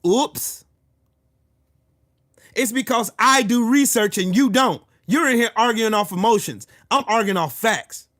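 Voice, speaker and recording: Furious profane man ranting, high-pitched. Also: expressive, measured pace. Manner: furious, profane, shouting at commenters. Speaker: live-stream host. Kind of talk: angry political rant to live chat.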